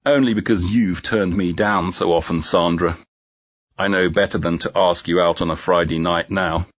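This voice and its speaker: A man's voice: deep voice, steady tone, moderate pace, lo-fi sound. A man voicing an easygoing, joking male police inspector in a storybook reading.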